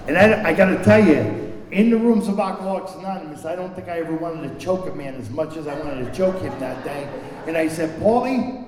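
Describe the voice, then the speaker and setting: A man's voice: fairly high pitch, a little fast, a crowd in the background. A man speaking candidly and self-deprecatingly at a recovery meeting, telling a personal story and often repeating words as he searches for them. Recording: echoey hall recorded from far off.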